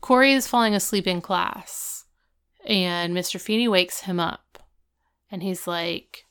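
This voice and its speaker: Smooth-voiced woman recapping an episode. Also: on the low side, unhurried. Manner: animated storytelling, acting out quoted characters. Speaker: podcast co-host. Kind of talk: casual chat recapping a TV episode.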